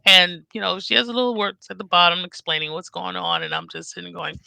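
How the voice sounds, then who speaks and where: A woman in her fifties chatting frankly as a podcast co-host, telling stories with animated, acted-out dialogue. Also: fairly low pitch, fast talker, creaky, dry recording. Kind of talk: casual chat.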